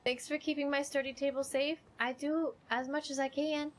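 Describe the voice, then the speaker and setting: High-voiced woman streaming a game. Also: moderate pace. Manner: emotional, rambling, thanking chat, excitable. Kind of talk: live gameplay stream chat. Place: home streaming setup.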